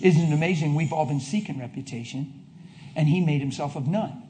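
A male preacher delivering a fervent sermon, swinging between shouted declarations and hushed, intimate asides. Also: on the high side, brisk.

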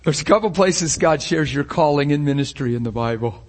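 A man's voice: on the high side, lively intonation, brisk. A man preaching a sermon with passion, firing rhetorical questions and acting out the scenes he describes.

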